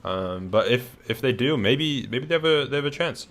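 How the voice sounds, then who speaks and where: Working down a ranking of players, this young creator speaks in an expressive, mid-range, slightly bright voice at a moderate pace. His commentary is casual and chatty but hesitant, with many fillers and restarts over faint background music.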